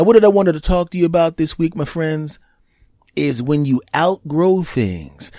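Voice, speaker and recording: A man's voice: a little high, darkish tone, dry recording, studio quality. A man hosting his own podcast, talking alone in a rambling, jokey storytelling way with frequent restarts. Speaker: podcast host. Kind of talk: casual solo podcast monologue.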